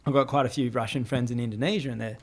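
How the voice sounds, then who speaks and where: A man's voice: mid-range voice, fairly even intonation, very fast, darkish tone. A man hosting a podcast, talking in a casual, reflective way with many fillers. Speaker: podcast host. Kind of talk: casual conversational interview.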